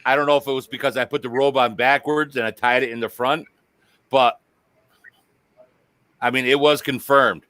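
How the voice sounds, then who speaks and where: Crude, joking man with a bright voice. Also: medium pitch, fairly even intonation, normal speed, long pauses, no room sound. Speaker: host. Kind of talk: casual live-stream chat.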